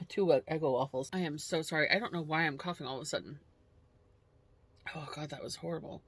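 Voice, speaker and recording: A woman in a relaxed snack taste-test vlog, chatting unhurriedly and murmuring between bites. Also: low-pitched, a little fast, breathy edge. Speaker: snack review vlogger.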